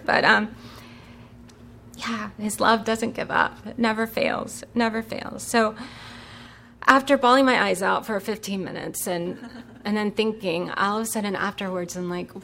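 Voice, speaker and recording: Young woman, religious sister sharing her testimony, earnest and emotional, bright tone. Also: vocal fry, a little hiss or hum. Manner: earnest and emotional, with quick rises in pitch. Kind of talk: personal testimony.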